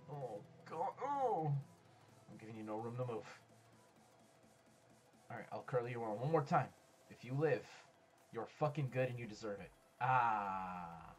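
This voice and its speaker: Excitable man giving game commentary. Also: mid-range voice, unhurried, pauses often. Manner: excitable, swings from mutters to yells; swears and talks to other players. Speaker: gaming YouTuber. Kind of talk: let's play commentary. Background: faint background music.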